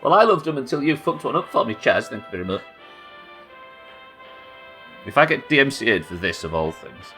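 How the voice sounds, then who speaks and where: A man's voice: medium pitch, very animated, fairly quick, long pauses, sharp tone, soft background music. A man streaming a game live, chatting with viewers in a wry, sweary, bantering way. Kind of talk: live gameplay commentary.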